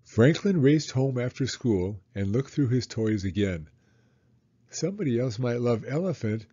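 A man reading a children's storybook aloud in an expressive, animated way. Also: medium pitch, breathy edge, highs cut off. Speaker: children's book reader.

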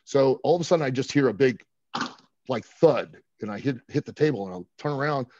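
A man with a husky, slightly rough voice tells a road story in an easy, chatty way, throwing himself into every quote. The sound is dry and close, with a slightly dull, lo-fi tone. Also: mid-range voice, a little fast, dry recording. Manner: animated, acts out quotes. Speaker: guest. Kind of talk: casual storytelling.

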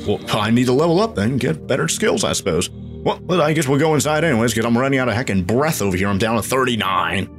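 A young man casually commenting as he plays a video game, chatty and excitable, jumping high in pitch when startled. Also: fast talker, faint music behind. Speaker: gaming channel host. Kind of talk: casual let's play commentary.

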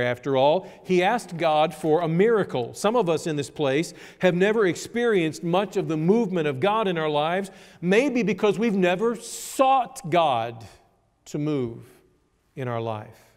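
Preaching man in a reverberant church. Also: sits high. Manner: dramatic pauses, builds to emphatic repeated lines. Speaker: pastor. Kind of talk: sermon. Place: church sanctuary.

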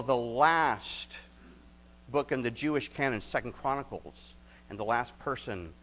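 A man preaching a sermon as pastor, moving between emphatic rising points and quiet, reflective stretches, closing in prayer. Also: mid-range voice, low-quality recording.

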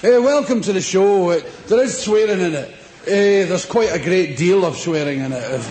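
A man's voice: high-pitched, animated, normal speed, a little mellow, a little hiss or hum. A middle-aged Scottish man performing live stand-up comedy in a large theatre, boisterous and swearing freely as he acts out little scenes. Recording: echoey live stage recording with crowd. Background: audience laughter.

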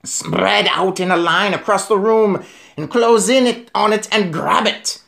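A man's voice: a little slow, creaky, fairly bright tone, full character voice. A man putting on a shrieking, bossy old witch queen. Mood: furious. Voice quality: shrill, screeching. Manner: barking commands. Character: shrieking, vicious old female witch leader. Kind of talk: storybook read-aloud.

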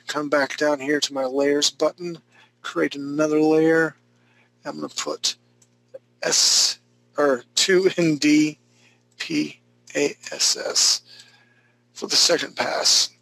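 A male instructor narrates a live drawing demonstration in a relaxed, joking manner. His voice is heavily gravelly and sits a little high for a man. It has a bright, forceful edge. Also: rough recording. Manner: easygoing and joking, talks through each step.

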